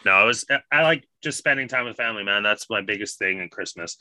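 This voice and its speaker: A man casually telling a profane, animated party story with bursts of laughter. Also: lowish voice, fast, no room sound.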